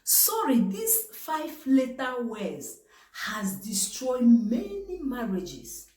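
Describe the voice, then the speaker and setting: A woman with a Nigerian English accent lectures her viewers on marriage, slow and weighty, often asking herself "what?" before answering. Her pitch swings widely between low asides and sharp exclaimed peaks. The room around her rings with echo. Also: huge pitch swings. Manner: emphatic, rhetorical questions, sudden exclamations. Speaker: vlogger giving marriage advice. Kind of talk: preachy advice talk to camera.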